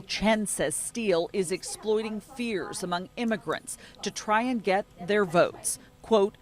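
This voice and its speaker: A woman reporter giving steady, scripted news narration. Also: medium pitch. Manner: steady, measured delivery.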